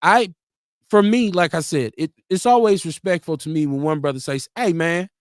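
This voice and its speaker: Host, man; casual stream chat, high-pitched and very lively, dry close mic. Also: moderate pace, no room sound. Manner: loose, animated, laughs often, acts out quotes. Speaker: host of a live talk stream. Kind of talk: casual chat, reading viewer comments aloud.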